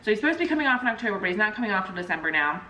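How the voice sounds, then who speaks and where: A woman in her thirties chatting casually to camera as a vlogger, telling a story in an animated way and acting out the people in it. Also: medium pitch, very fast. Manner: animated storyteller, acts out quoted phone calls. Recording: roomy echo, mic at a distance.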